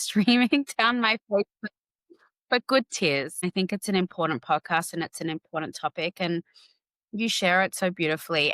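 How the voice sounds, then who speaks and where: Brief: woman host, low-ish pitch, calm supportive interviewer, dry sound. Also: no echo. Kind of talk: interview conversation.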